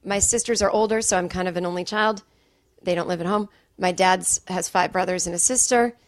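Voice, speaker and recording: A woman in her forties from Massachusetts, a guest comedian telling stories in casual, animated podcast chat. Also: fairly low pitch, brisk, no echo, studio quality. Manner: animated, chatty storytelling with many "like"s. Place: home studio.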